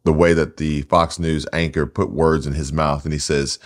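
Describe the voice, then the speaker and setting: A very deep-voiced man co-hosts a loose, casual podcast. He rambles, jokes and fills pauses with ums and uhs. There is no studio microphone, so it sounds homemade. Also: level tone. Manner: rambling, jokey, many fillers. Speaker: podcast co-host.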